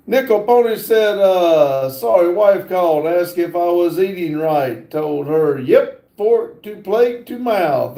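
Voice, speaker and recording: A man's voice: sits high, creaky, dark tone, reverberant, low-quality recording. A man hosting a casual livestream, reading viewer comments aloud with many fillers. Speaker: livestream host reading chat. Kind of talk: casual live chat.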